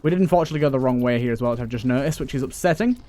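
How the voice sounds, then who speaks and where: A man's voice: medium pitch, very fast, dark tone. A young man giving casual, joking commentary while he plays a video game, grumbling and swearing at it. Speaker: let's play gamer.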